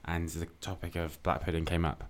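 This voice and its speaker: A man co-hosting a casual podcast with dry, deadpan quips. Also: deep voice, a little fast. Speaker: podcast co-host.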